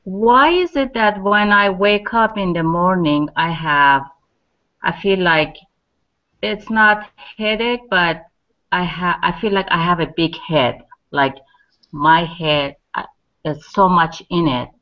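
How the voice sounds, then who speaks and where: A woman's voice: on the low side, takes it slowly. A woman calling into a webinar, hesitantly searching for words as she describes how she feels. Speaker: caller. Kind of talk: casual chat on a webinar. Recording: dull lo-fi webinar call.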